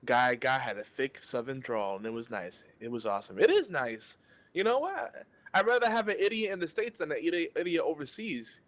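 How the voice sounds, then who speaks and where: A man's voice: fairly high pitch, animated, a little fast, fairly bright tone. A man hosting a podcast, ranting in exasperation and often restarting his sentences. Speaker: podcast host. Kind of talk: casual podcast banter.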